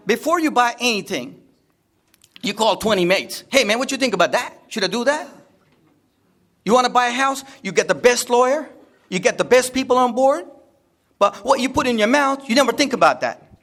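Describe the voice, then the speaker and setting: In a seminar room, a male speaker with a high, fairly bright voice gives a rambling, jokey talk to a live audience. He repeats himself often.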